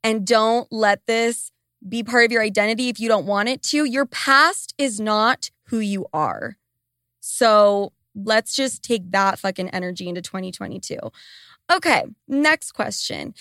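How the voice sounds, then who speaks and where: A woman's voice: mid-range voice, measured pace, fairly bright tone, dry recording, studio quality. A young woman hosting a casual advice podcast, blunt and profane, answering listener letters.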